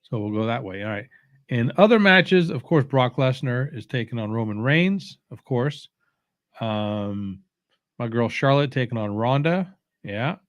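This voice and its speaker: A man's voice: medium pitch, lively intonation, a little slow, no room sound, muffled recording. A man in the middle of his range chats casually and opinionatedly, stumbling over fillers and restarting his sentences. He sounds drowsy. The recording is dry and close, with no room sound. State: sleepy, yawning. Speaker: watch-along host. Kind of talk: casual rambling commentary.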